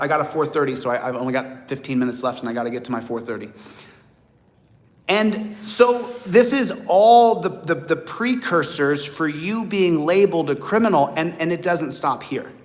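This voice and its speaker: A man in his late forties talking to viewers in a blunt, animated monologue, acting out other people's voices. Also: fairly high pitch. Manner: blunt, profane. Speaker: host. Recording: long hall reverb.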